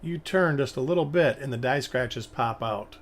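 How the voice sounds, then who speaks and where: A man's voice: mid-range voice, normal speed. A male host giving casual live-stream commentary, thinking aloud and rambling as he examines coins. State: hiccups.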